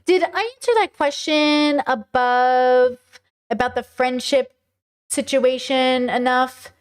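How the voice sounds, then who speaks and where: A woman's voice: sits high, fairly even intonation, takes it slowly, smooth. A woman hosting a livestream, answering viewers' chat questions in an earnest, emphatic way.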